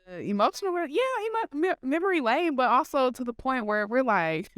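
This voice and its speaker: A woman hosting a live panel talk, chatty and lively, with laughing asides to the audience. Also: high-pitched, moderate pace, no echo, studio quality. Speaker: panel host.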